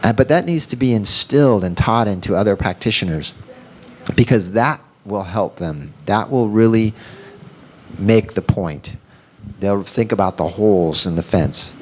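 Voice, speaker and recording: A man presenting at a workshop who tells a story and acts out its lines in an animated way. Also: lowish voice, a little slow, a little hiss or hum. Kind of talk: storytelling in a training talk.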